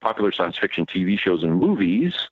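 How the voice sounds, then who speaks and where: A man's voice: sits low, very animated, fairly quick, no room sound. A man speaking as an author and interview guest, emphatic and given to sarcastic rhetorical questions. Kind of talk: interview talk. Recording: dull lo-fi dry audio.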